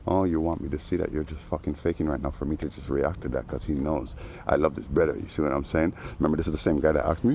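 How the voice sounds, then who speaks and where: A man's voice: extremely low pitch, steady tone, fast, creaky, dark tone, a little hiss or hum. A man vlogger telling a story in a casual, rambling monologue full of slang and frequent asides. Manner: rambling, street slang, frequent "you know".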